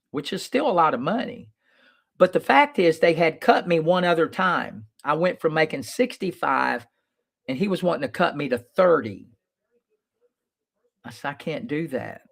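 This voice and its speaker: His voice is fairly high and creaky. As the lawyer-host of his own show, he chats plainly and bluntly to viewers, swearing freely, telling stories, and reenacting what he said before.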